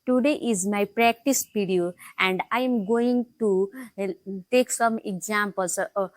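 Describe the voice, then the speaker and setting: A woman recording a casual practice vlog, talking haltingly with lots of fillers and reading out example sentences with exaggerated tone. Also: medium pitch, no room sound. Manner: hesitant, many fillers, learner English; stresses practice sentences with rising tone. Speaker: English learner vlogger.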